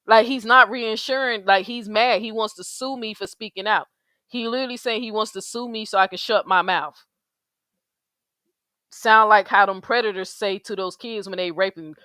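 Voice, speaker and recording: Profane, outraged woman streamer, bright voice. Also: mid-range voice, normal speed, no echo, studio quality. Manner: blunt, profane, emphatic, heavy slang. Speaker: commentary streamer. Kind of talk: outraged livestream commentary.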